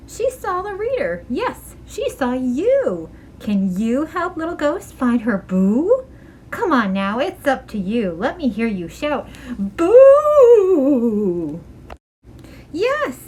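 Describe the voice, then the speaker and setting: A librarian reading a rhyming picture book aloud to young children, with an animated, expressive manner. Her voice is high and swoops freely, over a faint hum of noise. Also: rough recording.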